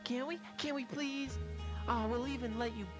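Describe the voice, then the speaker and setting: A man voicing an excitable alien child, whiny and begging. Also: extremely high pitch, normal speed, over music, pitched above the performer's own voice. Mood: pleading. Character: excitable pleading alien kid.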